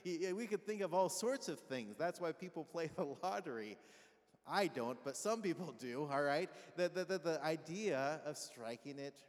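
A man's voice: on the high side, lively intonation, moderate pace. A pastor giving a conversational sermon, asking his congregation questions and having them call back answers. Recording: long reverb of a large hall.

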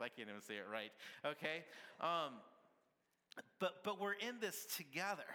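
A man delivers a sermon in a conversational, playful way, tossing questions and light laughs to the congregation. His voice is bright and fairly high for a man. The sound carries the long reverb of a church hall. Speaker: pastor.

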